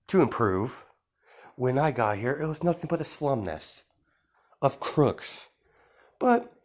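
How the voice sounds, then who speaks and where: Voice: mid-range voice, voice pushed up. A reader voicing a smug young werewolf pack leader, a man, grandly courteous and theatrical, in an improvised fan story read-aloud.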